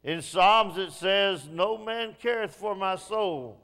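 Preacher, male, high voice, slow deliberate sermon delivery, long hall reverb. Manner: swings from low hushed passages to raised pleading lines.

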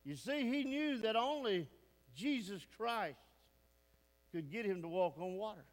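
A man's voice: high voice, expressive, unhurried, pauses often. A man preaching a folksy, emphatic sermon in a church sanctuary, often asking the congregation questions. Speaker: pastor. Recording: long hall reverb.

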